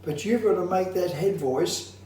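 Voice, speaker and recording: A man teaching a singing lesson as a voice coach, explaining in a measured, instructive way and slowing down to stress key points. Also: high-pitched, mellow, slight background noise. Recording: very echoey room, voice from a distance.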